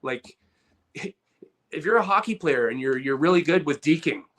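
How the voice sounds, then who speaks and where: A man's voice: on the high side, lively intonation, a little slow, a bit bright. A man co-hosting a comedy podcast, talking heatedly, swearing and restarting his sentences. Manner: heated, repeats words and restarts often, swears. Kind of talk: casual podcast chat.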